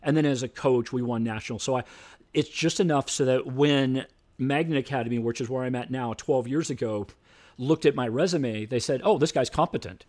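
A man's voice: medium pitch, fairly quick. A middle-aged man, a debate coach, telling stories in an interview and acting out the voices of people in them. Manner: animated storyteller, acts out voices. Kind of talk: storytelling interview.

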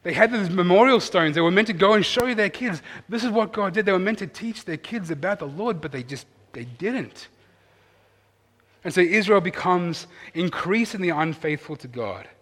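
A male pastor delivers a sermon, his voice a little higher than most men's. He preaches earnestly and with animation, swinging between loud emphasis and quieter asides. Long reverb fills the church hall around him.

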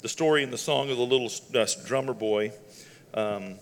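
A pastor preaching a holiday sermon. He talks in a conversational way, laughs between lines and sometimes builds to loud shouting. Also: mid-range voice, normal speed, slight background noise. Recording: long hall reverb.

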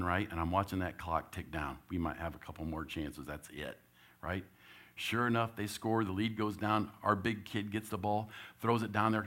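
A low-pitched man with a bright, forceful tone tells a story from the pulpit. He is animated and acts out what he said, sometimes raising his voice. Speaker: church elder. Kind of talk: storytelling sermon.

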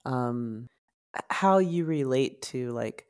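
A woman's voice: a bass voice, expressive, takes it slowly, a little mellow. A woman therapist as a podcast guest, speaking thoughtfully and hesitantly, with many fillers. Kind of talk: casual podcast interview.

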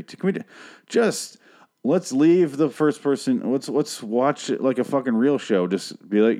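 A man's voice: lowish voice, a little mellow. A man casually recapping a TV show on his podcast, profane and rambling, with a dry voice. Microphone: podcast microphone.

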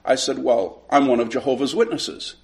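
A middle-aged man teaching a Sunday school lesson, telling a story with lively acted dialogue and frequent repeated words. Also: medium pitch, normal speed, vocal fry. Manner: animated storyteller, acts out both sides of a conversation, repeats words when starting.

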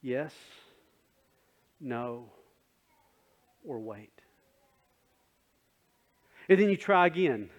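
Conversational preacher in a reverberant sanctuary. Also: male voice, mid-range voice, expressive, very slow, long pauses. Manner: conversational, asks the congregation questions, acts out scenes. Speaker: pastor. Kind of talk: sermon. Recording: dull sound with long hall reverb.

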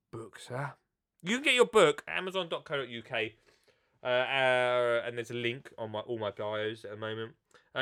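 Bright and pushed, this man's fairly high voice carries a cold as he jokes with viewers about his gardening book on a relaxed live video. He's an author and gardening presenter who rambles and keeps restarting his sentences.

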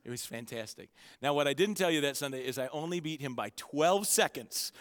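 A man preaching a sermon to his church, with energetic storytelling and self-mocking humor. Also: a little high, fairly quick, few pauses, big-room sound. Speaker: pastor. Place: church auditorium.

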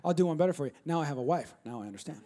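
A man with a fairly high voice delivers a sermon to a congregation. He moves between loud, emphatic bursts and low, quiet asides, repeating phrases as he presses his points. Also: expressive, racing, noisy background. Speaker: pastor.

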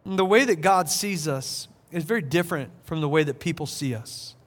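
A man in his thirties preaching a sermon, retelling a story in a casual, animated way with playful voiced asides. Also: fairly high pitch, a little fast. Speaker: pastor.

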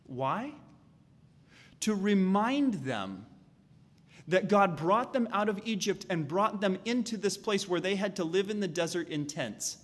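A man preaching a sermon as a pastor, animated and acting out the voices of the people in his story. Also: high-pitched, unhurried. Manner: animated, acts out voices of the Israelites and God. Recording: long hall reverb.

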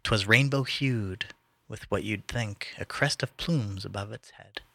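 A man's voice: lowish voice, a little slow, gravelly, a bit bright, dry recording. A man casually reading poetry aloud to friends, stumbling and restarting over words now and then. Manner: reads verse with stumbles, restarts and laughs.

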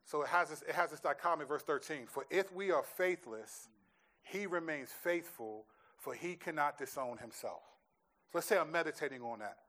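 A man's voice: a little high, animated, brisk, fairly bright tone. A man speaking as a pastor in a church question-and-answer session, thinking aloud and often restarting his sentences.

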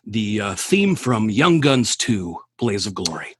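A man's voice: lowish voice, very animated, slow, husky, no room sound, clean studio sound. A man on a casual podcast chat, blunt and opinionated, swearing casually.

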